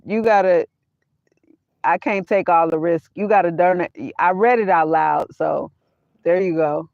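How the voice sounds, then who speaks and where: A woman's voice: fairly low pitch, no echo. A woman hosting a casual livestream from her van, talking straight to her viewers, repeating her phrases and laughing often. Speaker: vanlife vlogger hosting a livestream. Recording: dull lo-fi sound.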